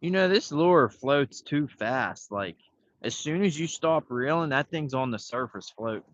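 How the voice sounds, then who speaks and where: A man's voice: fairly high pitch, expressive, measured pace. A man hosting a fishing livestream outdoors, chatting in a laid-back, rambling way into his phone. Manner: laid-back, talks to himself while fishing. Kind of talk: casual rambling live chat. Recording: dull lo-fi phone audio.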